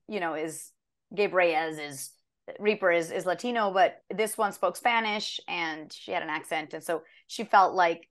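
Woman, voice actor guest, casual interview talk, animated, acts out lines, dry sarcastic edge. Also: mid-range voice. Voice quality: can sound dry and sarcastic.

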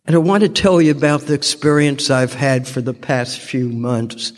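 An older man giving a heartfelt personal testimony as a speaker at a recovery fellowship meeting. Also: mid-range voice. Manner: slow, heartfelt storytelling. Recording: long reverb from a large hall.

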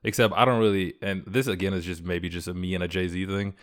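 Deep-voiced male co-host, relaxed, a few stammers. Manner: relaxed, stammers a little, quick to laugh. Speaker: podcast co-host. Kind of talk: casual chat.

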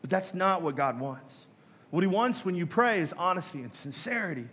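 A man's voice: sits high, lively intonation, moderate pace, a bit bright, husky, long reverb tail. A man preaching a sermon as a pastor, casual and joking, who acts out other people's prayers in mock voices.

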